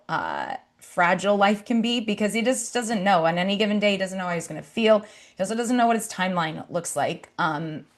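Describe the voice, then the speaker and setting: Woman speaker, low-ish voice, relaxed sermon storytelling, loose and chatty, lots of fillers. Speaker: speaker at a campus ministry gathering.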